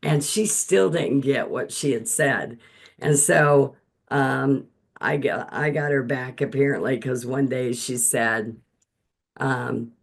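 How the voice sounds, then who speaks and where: A woman hosting a painting lesson over a video call, telling stories in an animated way and often laughing between steps of instruction. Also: low-pitched, gravelly. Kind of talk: chatty storytelling and painting instruction.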